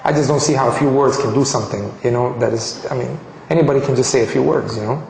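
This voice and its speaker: A man's voice: medium pitch, quick pace, creaky, slight background noise. Colombian man telling his story, echoey hall. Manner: animated, acts out quoted dialogue, frequent restarts. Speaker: speaker sharing his conversion story. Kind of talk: personal testimony storytelling.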